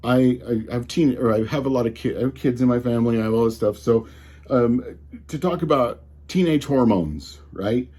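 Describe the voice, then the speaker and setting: A man's voice: mid-range voice, moderate pace, dark tone. A man with a slight Colorado drawl, ranting casually and with exasperation about tech, often restarting his sentences. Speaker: tech commentator.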